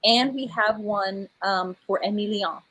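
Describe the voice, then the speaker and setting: A woman author hosts a live book premiere as a casual livestream chat, laughing often and saying "y'all". Her husky voice is medium-pitched and fairly bright, delivered at a measured pace. The audio sounds dull.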